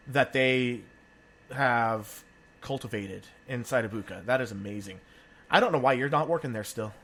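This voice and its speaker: A man's voice: medium pitch, fairly bright tone. A man hosting a podcast, reacting expressively and emotionally to a guest's story. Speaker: podcast host. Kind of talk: casual chat.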